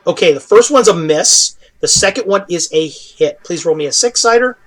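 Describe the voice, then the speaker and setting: A male game master with a high-pitched voice narrates a fantasy battle, rolling through the action in a halting way. He pauses often with ums and uhs as he describes each hit and miss. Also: animated. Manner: halting, with many fillers.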